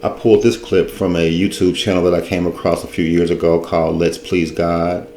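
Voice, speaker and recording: A man's voice: low-pitched, little pitch movement, fairly quick, a little mellow, echoey room, slight background noise. A man giving loose, casual commentary, rambling and correcting himself as he goes. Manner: rambling, informal, restarts and self-corrections. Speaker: video commentator.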